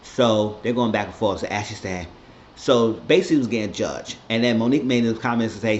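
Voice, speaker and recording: A man's voice: lowish voice, fairly quick, lo-fi sound, a little hiss or hum. A man giving a blunt, rambling, casual recap of a reality show episode on his vlog. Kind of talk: casual commentary.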